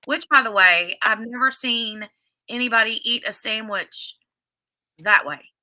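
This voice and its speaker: A woman hosts a casual livestream at an unhurried, drawn-out pace. Her voice is very bright and forward. She chats away, laughs easily and calls out viewers by name. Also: on the high side. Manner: chatty, greets viewers by name, laughs often. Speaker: livestream host. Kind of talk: casual livestream chat recapping a TV episode.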